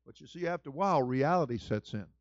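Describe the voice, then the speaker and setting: A man preaching a sermon as senior pastor, with a lively storytelling manner that swings from loud to soft. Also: on the high side, fast, no echo, highs cut off.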